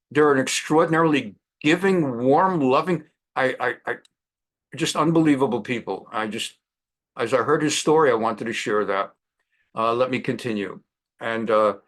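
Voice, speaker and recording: A man in his sixties, a rabbi hosting a weekly program, telling anecdotes in a chatty, animated way with frequent restarts. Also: medium pitch. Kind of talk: anecdotal monologue.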